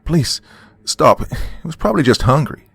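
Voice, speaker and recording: A man's voice: sing-song, normal speed. A man putting on a scared young girl's voice. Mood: pleading. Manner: high pleading voice. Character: frightened thirteen-year-old girl.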